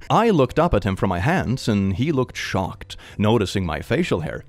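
A young man in his twenties reads online stories and riffs on them in a casual, joking way. His pitch leaps around constantly, swinging from low asides to high exclamations. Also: normal speed, hardly any pauses, no echo. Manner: animated, joking. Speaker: online story reader and commentator.

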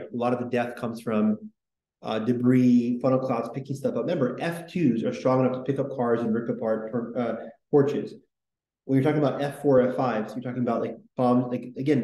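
A man's voice: medium pitch, fairly even intonation, brisk, mellow, reverberant, rough recording. A man hosting a casual history podcast, talking in a rambling, enthusiastic way with lots of fillers. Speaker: podcast host.

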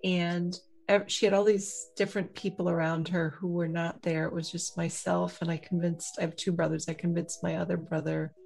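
A woman's voice: lowish voice, level tone, moderate pace, gravelly, few pauses, a little mellow. A woman hosting a podcast, giving supportive replies and then telling her own family story in a chatty way. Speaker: podcast host. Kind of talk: casual interview chat.

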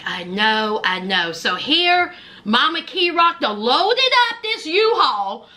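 Woman, sassy reality-show recapper: high, bright voice, swoops up and down as she gossips. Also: very animated, slow pace. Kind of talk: animated show recap commentary.

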